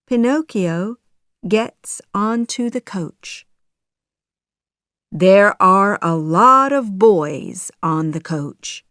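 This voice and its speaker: A woman narrating a children's audiobook in a slow, clear storytelling manner. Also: medium pitch, lively intonation, fairly bright tone, dry recording, clean studio sound.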